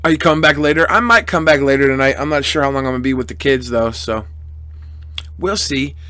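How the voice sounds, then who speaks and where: A man's voice: medium pitch, brisk, bright, forceful tone, clear, resonant tone, no echo. A young man live-streaming, thanking donors in crude, profane, mock-angry banter with his chat. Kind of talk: casual live-stream chat reading donations.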